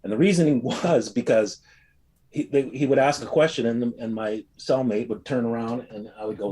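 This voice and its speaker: A man's voice: medium pitch, normal speed, breathy edge. Man telling a rambling courtroom anecdote. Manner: rambling, animated storytelling with fillers. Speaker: speaker recounting an experience. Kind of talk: casual anecdote.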